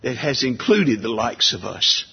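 A man preaching a sermon in a church, slow and emphatic, lifting his voice high on key words. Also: sing-song, vocal fry, husky. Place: church sanctuary. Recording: dull long-reverb church hall sound.

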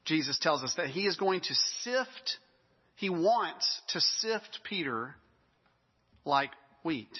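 A man's voice: on the high side, expressive, takes it slowly, slightly rough, long reverb tail, dull audio. A man preaching a sermon in a conversational way, with self-deprecating asides.

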